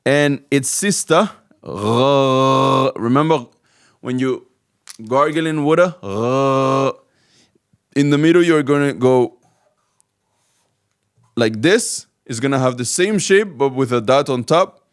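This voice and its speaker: A man's voice: mid-range voice, measured pace, long pauses. A man teaching the alphabet step by step, patiently repeating each letter sound. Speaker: Arabic teacher. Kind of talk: slow step-by-step lesson.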